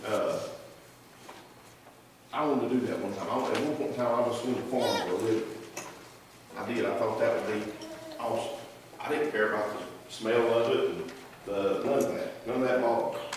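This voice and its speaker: A man's voice: mid-range voice, normal speed, long pauses, far from the mic, background noise. A man preaching a sermon in a church, moving from folksy storytelling into fervent preaching. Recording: echoey hall, voice from afar.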